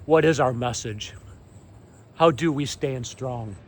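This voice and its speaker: A man delivering an impassioned monologue to camera, proclaiming slowly and emphatically, swinging between loud declarations and hushed asides. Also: mid-range voice. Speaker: vlogger.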